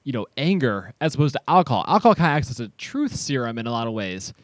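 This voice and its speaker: A man's voice: mid-range voice, sing-song, quick pace, no room sound. A man chiming in as a co-host, explaining his point in casual chat.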